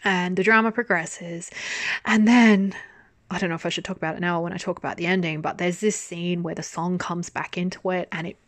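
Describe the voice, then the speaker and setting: A woman's voice: on the low side, fairly even intonation, a little fast, no echo. Chatty woman reviewing, dry close sound. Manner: chatty, laughing, swears freely. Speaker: drama reviewer. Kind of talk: casual spoken review.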